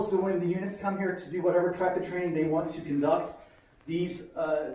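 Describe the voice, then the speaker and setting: A man leading a guided tour of a training site, explaining in an informal, halting way with many fillers. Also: fairly high pitch, a little mellow, slight background noise. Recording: echoey room from a distance.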